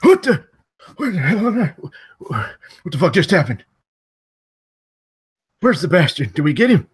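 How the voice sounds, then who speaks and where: A man voicing a grizzled older male convict with a husky voice and profane, alarmed outbursts. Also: on the high side, normal speed, natural voice.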